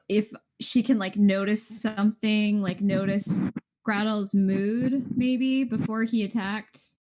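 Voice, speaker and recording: A woman's voice: mid-range voice, darkish tone. Chatty woman player asking questions. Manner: chatty, asks questions, laughs. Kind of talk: casual tabletop play.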